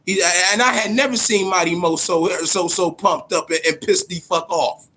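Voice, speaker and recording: A man hosting casual, profane boxing commentary, animated and repeating himself as he talks to his audience. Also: sits high, moderate pace, breathy edge.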